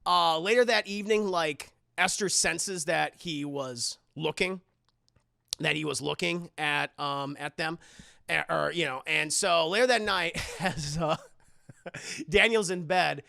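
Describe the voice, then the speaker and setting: A man streaming live who retells a horror film with profane, animated storytelling and acts out the scenes. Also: fairly high pitch, takes it slowly, creaky, dry recording, studio quality. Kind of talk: casual livestream chat.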